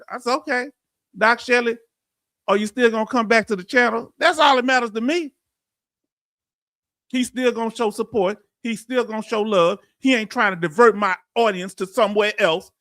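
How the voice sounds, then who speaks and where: A man's voice: high voice, gravelly, sharp tone, dry recording, clean studio sound. A man with a Southern Texan accent hosting a casual livestream, blunt and straight-talking as he speaks to his viewers. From Houston, Texas. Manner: blunt, straight-talking, addresses chat directly. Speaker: livestream host.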